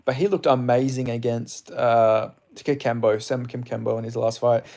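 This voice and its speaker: A man's voice: medium pitch, fairly even intonation, normal speed, warm tone. A young Australian man with a slightly English-tinged accent, chatting loosely on a fight-sports livestream, rambling and swearing casually. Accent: Australian, somewhat mixed with English. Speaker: MMA livestream host. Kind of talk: casual livestream chat answering viewers.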